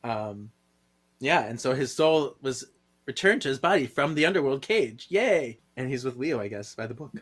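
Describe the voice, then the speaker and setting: A man's voice: medium pitch, animated, normal speed, fairly bright tone. A man on a podcast panel chatting casually as he recaps a comic, laughing often and reading its dialogue aloud.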